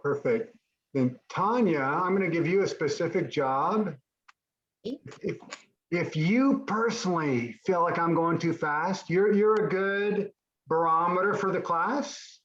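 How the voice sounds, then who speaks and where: A man's voice: fairly high pitch, unhurried, a bit bright, echoey room, highs cut off. A man teaching a Spanish class online, encouraging students and often restarting his sentences. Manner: encouraging, repeats and restarts while explaining.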